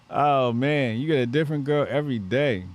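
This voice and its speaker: A man hosting a livestream, joking crudely and reacting to his chat. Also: medium pitch. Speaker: livestream host.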